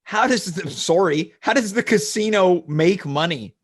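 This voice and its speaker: A man hosting a comedy talk show, asking earnest questions in a deadpan way. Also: high-pitched, a little slow. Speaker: host.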